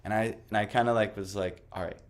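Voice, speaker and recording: A man with a fairly low voice tells a personal story in a loose, conversational way. He rambles with many fillers and restarts and sounds quietly amused at himself. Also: fairly even intonation, quick pace. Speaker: devotional speaker. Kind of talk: casual personal testimony talk.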